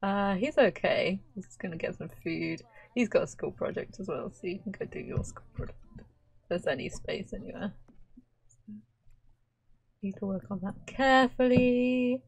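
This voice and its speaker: A woman's voice: fairly low pitch, moderate pace, creaky, husky, rough recording. A woman giving casual let's-play commentary. She chats to her game characters as she plays and laughs often. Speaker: gaming channel host.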